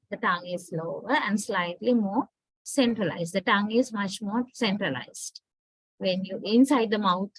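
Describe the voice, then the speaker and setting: A woman's voice: medium pitch, no echo, poor audio. A middle-aged woman with a Sri Lankan English accent giving a university phonetics lecture, explaining step by step and often asking "right?".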